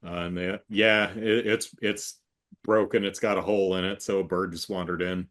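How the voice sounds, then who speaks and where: A man's voice: deep voice, level tone, moderate pace, a bit bright. A man hosting a casual chat with his sister, telling a rambling story and acting out the voices in it. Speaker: host.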